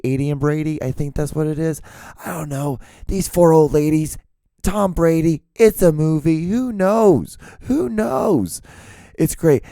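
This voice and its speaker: A man hosting his own podcast in a loose, joking ramble, hoarse and gravelly as if he has lost his voice. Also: medium pitch, mellow, dry recording, studio quality. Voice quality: gravelly, smoker-like. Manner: loose, joking, swears freely. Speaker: podcast host.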